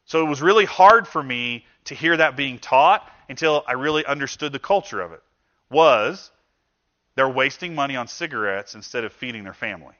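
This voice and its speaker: A man delivers a sermon in a relaxed, conversational way, slipping into quoted voices to make his points. His voice is bright and forward. The recording sounds a bit dull and lo-fi. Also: mid-range voice, normal speed. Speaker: pastor.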